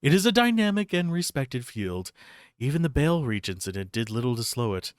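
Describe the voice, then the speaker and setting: A man's voice: lowish voice, lively intonation, rapid-fire, gravelly, no echo, studio quality, voice pushed down. A man voicing an earnest woman scholar who studies souls, in formal speech with a wavering put-on foreign accent. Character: fussy woman scholar of soul science, earnest. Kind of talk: reading game dialogue aloud.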